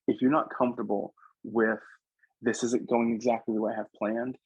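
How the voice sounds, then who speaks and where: Earnest man telling stories, husky voice. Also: mid-range voice, no echo, muffled recording. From Louisiana. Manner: earnest storytelling, animated quoting of others. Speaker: psychic medium guest. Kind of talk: casual interview talk.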